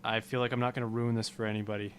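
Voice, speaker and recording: A man co-hosting a podcast, chatting casually and rambling through his take, getting animated when he retells jokes. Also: on the low side, very fast, a little hiss or hum. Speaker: podcast co-host. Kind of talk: casual chat.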